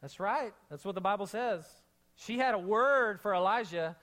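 A male pastor preaching an energetic sermon, mixing jokes and slangy asides into the message. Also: high-pitched, normal speed.

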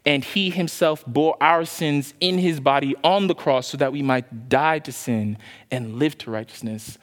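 A male pastor preaching a sermon with passion, then leading a soft, slow prayer. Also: fairly high pitch, long reverb tail.

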